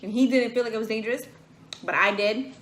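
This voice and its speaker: A woman co-hosting a casual vlog while eating, animated and acting out the lines she quotes in quick bursts. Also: a little high, reverberant, a little hiss or hum, low-quality recording. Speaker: vlog co-host.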